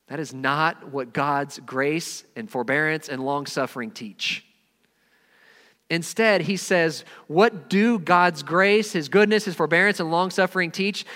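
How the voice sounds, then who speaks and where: A man preaching a sermon, earnest and emphatic, rising to loud stresses and dropping low and quiet. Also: in a large hall. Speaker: pastor.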